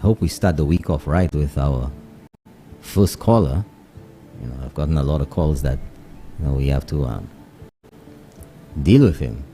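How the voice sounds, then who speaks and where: A man with a Saint Lucian accent hosting a morning radio show, greeting listeners and mixing English with Kweyol in lively casual chat. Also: extremely low pitch, normal speed, long pauses, faint music behind. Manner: switches between English and Kweyol, animated greetings.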